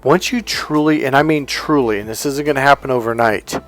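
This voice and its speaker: Blunt, forceful man coaching. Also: fairly quick, soft background music. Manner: forceful, blunt, swears for emphasis; acts out other people's lines in raised pitch. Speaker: life coach. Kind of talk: emphatic motivational monologue.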